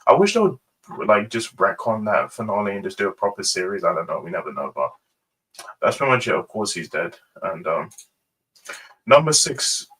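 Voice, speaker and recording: A man hosting a casual ranking review, rambling and hesitant with many pauses and fillers. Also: fairly low pitch, fairly bright tone, recorded from a distance, poor audio. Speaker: host.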